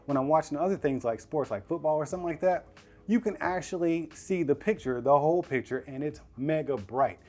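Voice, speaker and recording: In his living room, a tech reviewer with a slightly high, darkish voice casually reviews a TV at a brisk pace, with faint music behind him. He's chatty and slangy, addresses viewers directly, and laughs often.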